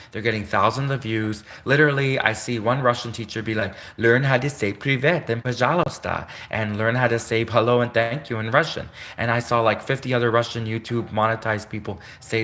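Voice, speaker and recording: A man's voice: mid-range voice, a bit bright. A young Canadian man hosting his own channel, ranting in an indignant, sarcastic monologue full of repetition. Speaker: channel host.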